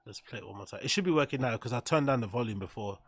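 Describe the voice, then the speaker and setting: A man's voice: medium pitch, expressive, rapid-fire. Profane, rambling man streaming. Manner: rambling, profane, talks to his viewers. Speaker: streamer host. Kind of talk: casual livestream chat.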